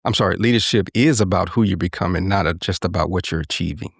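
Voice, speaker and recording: A low-pitched man talking through ideas as a podcast co-host, earnest and unhurried in tone, tagging his points with "right?" and "you know". His voice sounds dry and close, with no room echo. It fits a relaxed conversation with a co-host. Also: vocal fry, slightly rough. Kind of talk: reflective casual conversation.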